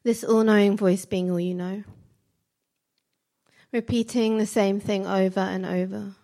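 Slow, flat-voiced woman reciting poetry. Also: medium pitch. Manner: slow, measured, fragmented phrasing. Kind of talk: spoken word poetry recitation.

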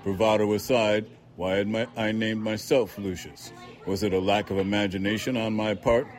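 Low-voiced guy reading an audiobook, dry and measured. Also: flat delivery, soft background music. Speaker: narrator. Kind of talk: audiobook narration.

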